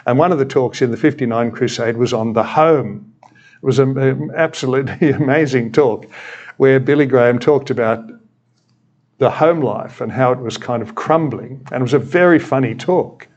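A man's voice: medium pitch, normal speed, a little mellow, muffled recording. Older Australian man preaching. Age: 60s. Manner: conversational, with wry humorous asides. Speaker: retired senior minister, preacher. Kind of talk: sermon.

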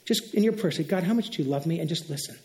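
A man with a notably high voice preaches to his church in an easy, conversational way. Now and then he sinks low and soft to voice a short prayer aloud. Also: lively intonation, fast. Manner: conversational, drops softly into quiet spoken prayers. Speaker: pastor. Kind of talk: sermon.

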